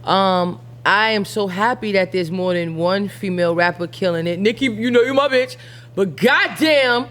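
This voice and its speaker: A woman's voice: medium pitch, moderate pace, a bit bright. A woman rapper being interviewed, talking bluntly and jokingly in casual slang.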